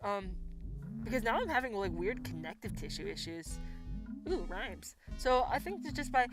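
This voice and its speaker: Speaking a little fast in a mid-range voice, a woman hosts a laid-back livestream with music running underneath. She chats back to viewer comments she reads aloud, cursing, laughing freely and reacting animatedly.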